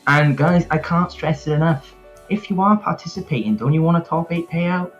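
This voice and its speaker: A man's voice: a little high, moderate pace, highs cut off, faint music behind. A man with a Welsh accent casting an online fighting game tournament from home, chatting playfully and hyping up the viewers. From South Wales. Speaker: tournament caster. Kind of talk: casual live stream commentary. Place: home, indoors.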